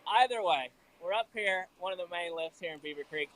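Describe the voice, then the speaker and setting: A man's voice: high-pitched, brisk, a bit bright, rough recording. A man from Alabama with a Southern accent, chatting through a live report from outdoors at a ski lift. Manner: chatty, self-deprecating. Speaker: field reporter.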